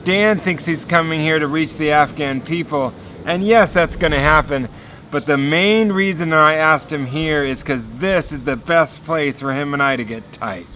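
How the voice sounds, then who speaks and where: An eager, joyful Jesus speaks in a relaxed, everyday manner, played by a man telling a story. The voice is bright and a little high, and full of friendly excitement. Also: moderate pace, slight background noise.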